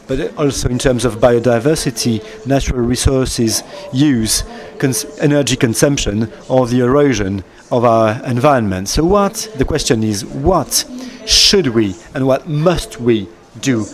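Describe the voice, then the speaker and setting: A man whose first language is French delivers a formal opening speech in English. He speaks with a French accent, hesitating and restarting, at a middle pitch for a man. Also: darkish tone. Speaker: government minister.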